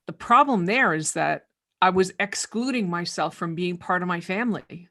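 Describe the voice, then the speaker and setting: Low-voiced woman hosting a video call. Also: normal speed, a bit bright. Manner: thoughtful, repeats words while finding her thoughts. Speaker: host of a video-call conversation. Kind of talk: casual reflective conversation.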